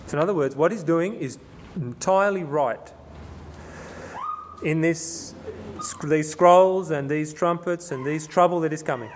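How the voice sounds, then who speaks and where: Man preaching on scripture, fairly high voice. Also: a little hiss or hum. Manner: conversational, with frequent restarts and repetitions; reads scripture aloud slowly and emphatically. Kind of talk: sermon, Bible exposition.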